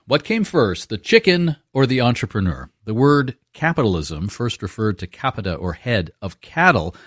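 A man's voice: on the low side, no echo, clean studio sound. A man hosting a business news show, reading market numbers and introducing a story in an upbeat way. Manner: lively, upbeat delivery.

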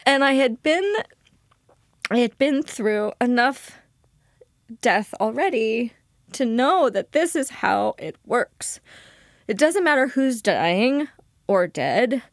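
Slow, halting woman telling a story. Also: on the high side, expressive, dry recording, clean studio sound. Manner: halting, emotional, with frequent restarts. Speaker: interview guest. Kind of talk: personal storytelling in an interview.

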